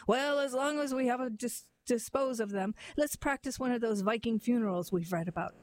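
Casting: a woman doing gruff, grumbling storybook giants. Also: a little high, a little fast, a little mellow, lightly acted.

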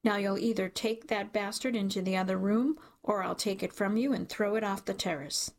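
A woman's voice: medium pitch, moderate pace, close to an everyday voice. A woman reading an audiobook, voicing a stern aristocratic father who gives cold, contemptuous commands.

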